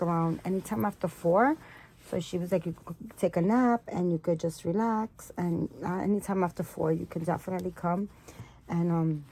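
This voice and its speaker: A woman's voice: medium pitch, dark tone. A woman vlogging casually to her viewers, a rambling storyteller who jumps between thoughts and acts out quoted conversations. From Puerto Rico. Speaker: doll nursery vlogger. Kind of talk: casual chat to viewers while dressing dolls.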